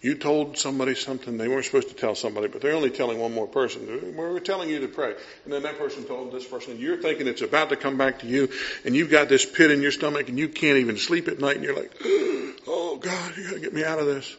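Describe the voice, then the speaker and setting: Male pastor, middle-aged, lively preaching, acts out voices, medium pitch, slightly muffled recording. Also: fast talker. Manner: storytelling preacher acting out voices, swinging from hushed to loud. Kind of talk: sermon.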